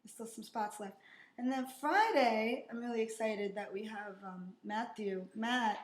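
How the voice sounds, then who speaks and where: A woman's voice: fairly high pitch, measured pace. A woman co-hosting a podcast from the back room of a bar, chatting casually and laughing often. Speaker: podcast co-host. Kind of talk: casual chat. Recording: echoey room with faint ambience.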